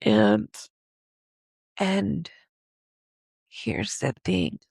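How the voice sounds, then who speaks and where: A woman hosting a podcast, recounting something painful in a slow, confessional way. Her voice is strongly gravelly with fry and sits fairly high, rising and falling widely as she speaks. The sound is dry and close. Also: sing-song, darkish tone, no echo. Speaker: podcast host. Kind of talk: reflective personal storytelling.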